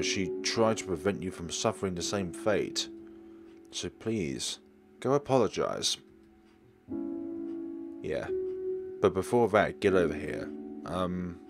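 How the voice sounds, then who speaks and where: A man reading a calm, caring companion, deep voice. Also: heavily acted. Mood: gentle. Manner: gentle, reassuring, earnest. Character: calm, caring young man who tends wounds.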